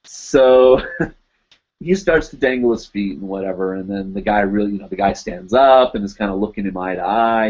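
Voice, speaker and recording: Livestream host, male, somewhat low pitch, loose chatty anecdote delivery with constant fillers, dull recording. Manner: rambling, loaded with "you know" and "like". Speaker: live chat show host. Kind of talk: casual storytelling.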